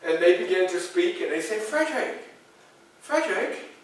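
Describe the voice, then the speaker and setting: High-voiced man telling a lively story in first person. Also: brisk, slight background noise. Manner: lively storyteller addressing the audience. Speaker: historical reenactor. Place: public library event room. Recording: echoey room from far off.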